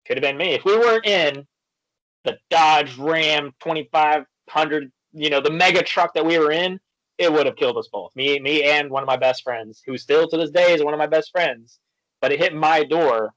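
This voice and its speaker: A man with a fairly high voice tells stories in casual podcast chat, acting out each side of the conversations he recounts. The recording sounds dull and lo-fi, yet dry, with no room echo. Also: normal speed. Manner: storytelling, animated, acts out quoted exchanges. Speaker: podcast guest.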